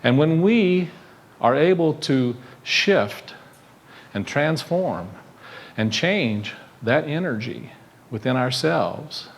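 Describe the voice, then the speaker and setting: A man's voice: on the high side, lively intonation, takes it slowly, creaky. Man preaching a conversational sermon. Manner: conversational, asks the congregation questions. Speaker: minister. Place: church sanctuary.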